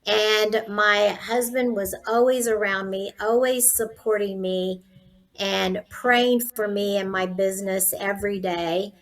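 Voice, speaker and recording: Slow-talking woman in her sixties. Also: medium pitch, fairly even intonation, poor audio. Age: 60s. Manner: earnest, faith-filled, candid. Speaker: guest, nurse and entrepreneur. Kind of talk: interview storytelling.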